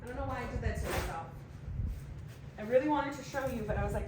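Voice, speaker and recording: A woman in her thirties chatting casually at home about her planner, excitable and talking to herself as she goes. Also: on the high side, quick pace, noisy background. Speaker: planner vlogger. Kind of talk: casual chat.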